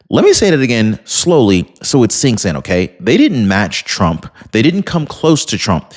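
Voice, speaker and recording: Male commentary host, sarcastic, pitch jumps all over, talks to the viewer. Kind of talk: casual political commentary monologue.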